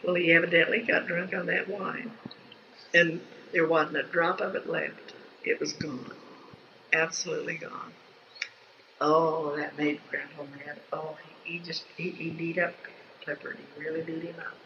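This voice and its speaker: A woman's voice: low-pitched, level tone, measured pace, a little hiss or hum. An older woman recalling family memories in a meandering, folksy way, often restarting her sentences. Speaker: interviewee telling family memories. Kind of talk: rambling oral history storytelling. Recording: dull lo-fi home tape with faint ambience.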